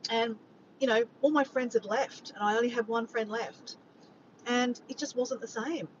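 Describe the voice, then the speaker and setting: A woman's voice: steady tone, normal speed. An Australian woman hosting a casual livestream, chatting and joking with viewers and reading out their messages. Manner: chatty, joking, reads chat messages aloud. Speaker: livestream host. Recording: dull lo-fi sound with faint rumble.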